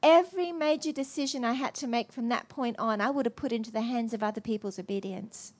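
High-voiced woman preaching animatedly. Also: fast talker. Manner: animated, self-mocking storytelling. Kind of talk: storytelling sermon.

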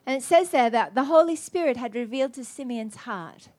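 A middle-aged woman with a high voice, preaching from the pulpit. She tells her story with lively, self-mocking animation. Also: fairly quick. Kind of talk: storytelling sermon.

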